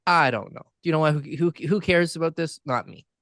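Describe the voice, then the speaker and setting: A man's voice: on the high side, fairly quick, a bit bright, dry recording, clean studio sound. A man co-hosting a casual podcast, laid-back and chatty, often laughing. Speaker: podcast co-host. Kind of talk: casual chat.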